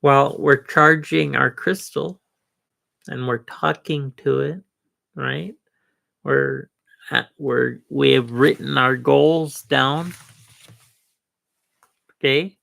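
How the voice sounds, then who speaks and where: Gravelly, creaky man hosting a live stream. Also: mid-range voice, steady tone, slow pace, long pauses, bright, forceful tone, no echo. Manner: rambling, with self-assured asides and many restarts. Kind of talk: casual live-stream chat.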